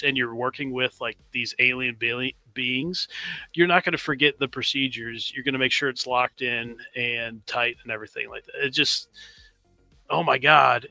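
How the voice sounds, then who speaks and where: A man's voice: mid-range voice, pushed and bright, no room sound. A man co-hosting a casual stream chat, rambling through his opinions with lots of fillers. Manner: laid-back, rambling opinions with many fillers.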